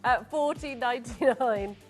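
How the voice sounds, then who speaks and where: A woman fronts a live shopping broadcast, talking fast and friendly and poking fun at herself. Her voice sits a touch high and sounds thick and congested from hay fever, and soft music plays under her. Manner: chatty, self-mocking sales patter. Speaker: shopping channel host. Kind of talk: live TV sales presentation.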